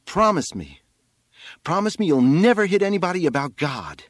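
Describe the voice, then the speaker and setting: A man voicing a desperate thirteen-year-old boy on a rooftop, who shouts his commands high and loud. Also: big pitch swings, a little slow, dry recording, clean studio sound, full character voice. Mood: crying plea.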